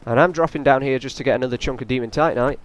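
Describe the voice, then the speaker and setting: A man's voice: medium pitch, racing, muffled recording, a little hiss or hum. Chatty man doing let's play commentary. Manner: casual, rambling, taunts enemies on screen. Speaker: gaming channel host.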